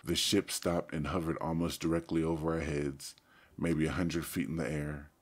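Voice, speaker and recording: A man reading a story aloud in the first person, with steady, casual storytelling. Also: very deep voice, moderate pace. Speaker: narrator. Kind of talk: first-person audiobook narration.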